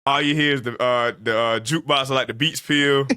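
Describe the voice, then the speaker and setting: A podcast co-host in his twenties shares a story at a moderate pace, his mid-range voice smooth and animated. Laughing often, he imitates what people said during the casual chat, captured in studio quality with no room sound.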